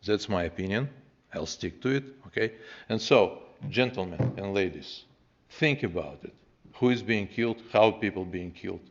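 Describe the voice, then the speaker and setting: A man in his sixties with a Russian accent, speaking haltingly at a council meeting's public comment, with many fillers and restarts. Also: low-pitched, animated. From former Soviet Union. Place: council chamber. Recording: dull, muffled meeting audio.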